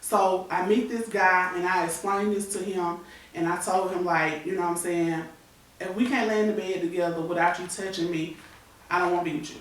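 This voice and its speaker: A woman's voice: on the low side, fairly even intonation, fairly quick, slight background noise. A woman in her thirties tells a painful personal story with candor, slipping into the voices of the people she quotes. Her voice rings around a strongly echoing room. She sits well back from the microphone. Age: 30s. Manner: candid, tearful retelling with acted-out quotes. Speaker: guest. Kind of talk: emotional personal storytelling on a talk show. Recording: echoey room, voice from far off the mic.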